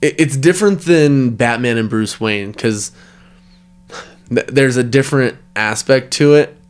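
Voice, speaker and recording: A man's voice: medium pitch, unhurried, clear, resonant tone. A man co-hosting a podcast in casual chat, swearing freely and often restarting his sentences. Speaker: podcast co-host.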